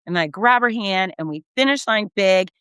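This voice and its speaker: A middle-aged woman recaps her weekend as a race announcer, effusive and animated, acting out every quote. Her voice is bright and crisp. It is recorded dry and close with no room sound. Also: medium pitch, moderate pace, dry recording. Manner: effusive, animated storyteller who acts out quotes. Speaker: race announcer and podcast host. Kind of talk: casual storytelling recap.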